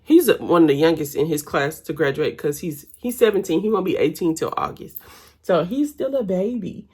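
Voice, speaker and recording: A woman's voice: fairly low pitch, expressive, moderate pace, darkish tone, breathy edge. A young woman, chatting casually with her viewers while doing her makeup at home. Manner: chatty, addresses viewers as y'all. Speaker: vlogger.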